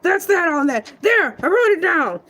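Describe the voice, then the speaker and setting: Woman voicing a very high goofy shark. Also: big pitch swings, moderate pace, fairly bright tone, full character voice. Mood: rambling. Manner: rambling, giggly, stretches words out. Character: goofy rambling male shark celebrity. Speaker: show guest. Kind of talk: comedic in-character monologue.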